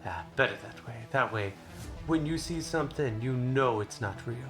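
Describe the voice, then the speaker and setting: A man's voice: medium pitch, lively intonation, normal speed, over music, lightly acted. A man voicing an odd, carefree woman wanderer who talks in loose slang. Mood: offhand.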